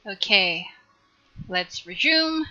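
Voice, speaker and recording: Chatty woman art streamer, slow easy talk, gently coaching, giggles a lot. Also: medium pitch, expressive, lo-fi sound. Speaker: art streamer teaching drawing. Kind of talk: live drawing tutorial.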